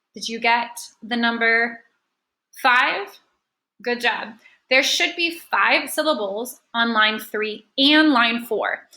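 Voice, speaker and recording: A woman teaching children in an online lesson, her voice pitched a little high and sharply bright. She checks in with her students and claps out syllables with them. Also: low-quality recording.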